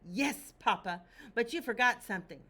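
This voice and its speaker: A woman voicing an excitable little red chick in a picture book read-aloud, eager and pleading. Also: a little high, normal speed.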